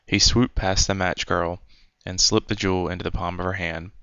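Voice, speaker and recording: A man reading a fairy tale aloud as a storyteller, in a measured, unhurried way. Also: low voice, little pitch movement, a bit bright, clear, resonant tone, no room sound. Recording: dry, dull lo-fi recording.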